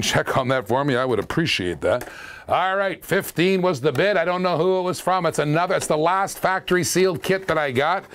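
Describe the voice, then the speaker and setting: A man with a fairly high voice hosts a live online auction. He calls out bids in a repetitive auctioneer patter, chats with viewers along the way and chuckles between lines. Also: a bit bright. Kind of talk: live-stream auction calling.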